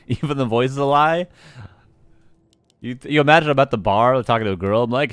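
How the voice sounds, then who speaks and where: A man's voice: medium pitch, normal speed, long pauses, smooth, no room sound, clean studio sound. A man with a West Coast Canadian accent casting a live strategy game match, joking with chat and laughing often between calls. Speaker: esports caster.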